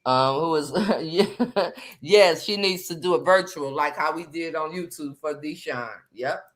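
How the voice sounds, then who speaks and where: A woman's voice: low voice, measured pace. A woman with a lilt holds court on a casual live stream. She gossips with sass, drawing out her words and tossing asides to her viewers. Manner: sassy, gossipy, drawling commentary. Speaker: host.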